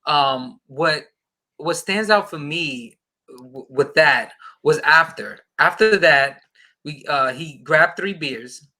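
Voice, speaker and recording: Taking it slowly in a somewhat high voice, a man appearing as a podcast guest shares a casual story with excitement. He performs the characters' dialogue along the way.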